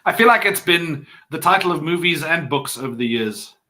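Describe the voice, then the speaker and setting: Brief: male co-host, dry wit, crisp bright tone. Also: a little high, animated, moderate pace, poor audio. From Pretoria, South Africa. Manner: dry, wry storyteller. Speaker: guest co-host. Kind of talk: casual comedic chat.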